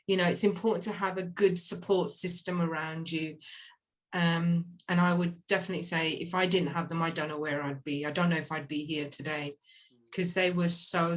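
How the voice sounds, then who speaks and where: Candid woman telling her story. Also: on the low side. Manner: candid, slips into quoting her mother in Punjabi. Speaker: guest volunteer. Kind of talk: personal storytelling in a casual chat.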